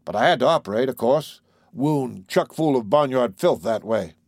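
A man's voice: mid-range voice, lively intonation, moderate pace, dry recording, clean studio sound. A man reading aloud, voicing a blunt, fearless country doctor who talks in clipped, matter-of-fact bursts.

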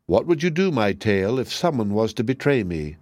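A man's voice: lowish voice, sing-song, moderate pace, darkish tone, no room sound, studio quality. A man voicing a cunning male fox trickster in a raised, teasing voice. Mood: sly.

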